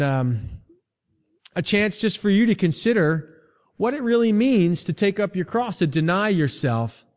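A pastor with a fairly high, slightly mellow voice gives a sermon in a church sanctuary. Earnest yet conversational, he leans on repeated phrases that build in force. The recording sounds lo-fi and dull, with a reverberant hall quality.

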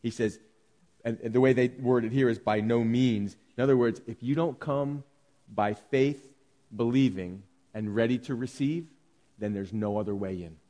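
A man preaching a sermon, moving between lively storytelling and calm Bible teaching to a congregation. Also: mid-range voice, moderate pace. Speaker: pastor. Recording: long hall reverb.

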